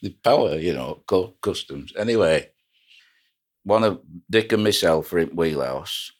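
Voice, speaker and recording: A man's voice: sits low, expressive, measured pace. An older man, a retired pilot boat skipper telling rambling anecdotes from his working days. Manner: rambling anecdotal storyteller with frequent restarts. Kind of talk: reminiscing oral history.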